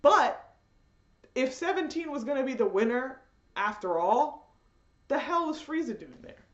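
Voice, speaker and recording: A woman reviewing an anime episode in a casual vlog, in an animated, rambling fan rant. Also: sits high, a little slow, pauses often. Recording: echoey room, dull lo-fi audio.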